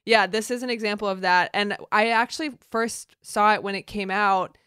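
A woman's voice: medium pitch, steady tone, normal speed, fairly bright tone, smooth, no echo, studio quality. A woman co-hosting a casual film chat, earnest and reflective. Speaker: podcast co-host. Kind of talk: casual chat about films.

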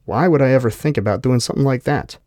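A man's voice: medium pitch, fast talker, darkish tone, no room sound, studio quality, pitched above the performer's own voice, natural voice. A man voicing a wary, exasperated pilot and father, blunt in his speech.

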